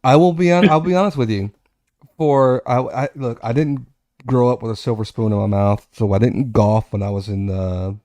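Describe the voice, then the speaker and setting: A man in his forties hosting a casual chat show, telling a long personal story with self-corrections and animated asides. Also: on the low side, dry recording. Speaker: podcast host.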